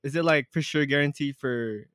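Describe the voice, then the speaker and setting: A man's voice: on the high side, moderate pace, crowd noise. A teenage boy co-hosting a podcast, bantering playfully in casual chat. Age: teens. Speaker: podcast co-host.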